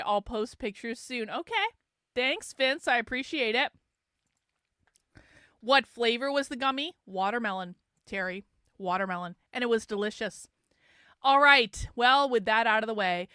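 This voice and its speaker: A woman's voice: a little high, bright, forceful tone, clean tone, no echo, clean studio sound. A woman hosting a livestream, chatting casually and joking with her viewers. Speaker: livestream host.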